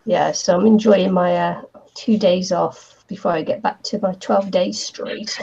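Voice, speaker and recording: Husky, gravelly New Zealand woman. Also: on the low side, steady tone, warm tone, lo-fi sound. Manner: slow, unhurried explaining of each step. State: losing her voice from hay fever. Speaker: crafting livestream host. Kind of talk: casual chat while crafting.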